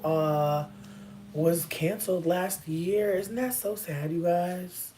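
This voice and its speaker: A vlogger in a loose stream-of-consciousness chat, telling stories in a profane, slangy way that keeps leaping up into high exclamations. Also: normal speed, mellow, slight background noise.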